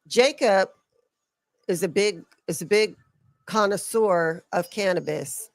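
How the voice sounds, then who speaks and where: Brief: female stream co-host, unhurried delivery, gravelly fry, teasing, dry close mic. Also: medium pitch, no room sound. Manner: slow, teasing, laughs often. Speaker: co-host of a live wrestling watch-along. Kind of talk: casual live-stream commentary.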